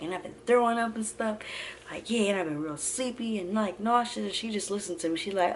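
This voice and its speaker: A woman's voice: on the low side, animated, quick pace, a little hiss or hum. A young adult woman telling a personal story casually to her viewers. She acts out the quotes and keeps calling the audience y'all. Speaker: vlogger.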